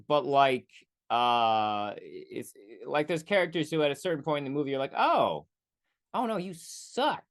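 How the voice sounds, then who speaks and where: A man hosting a podcast, casually reviewing a movie on his own, rambling and correcting himself, with profane asides and quick mock voices. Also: on the high side. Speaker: podcast host.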